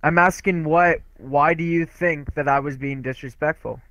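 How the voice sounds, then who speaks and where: A man, arguing loudly and swearing in an online game voice chat. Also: a little high, steady tone, normal speed, no echo, muffled recording. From Canada. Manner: loud, swearing, confrontational. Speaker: gamer in voice chat. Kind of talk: heated online argument.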